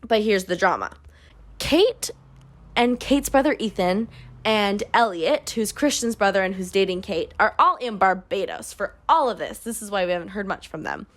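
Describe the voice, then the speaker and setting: A woman at a mid-range pitch runs a book club recap in a casual, conversational way. Her tone is sarcastic throughout, and she drops dry asides between plot points. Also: lively intonation, moderate pace, fairly bright tone. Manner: sarcastic, dry asides, swings into mock character voices.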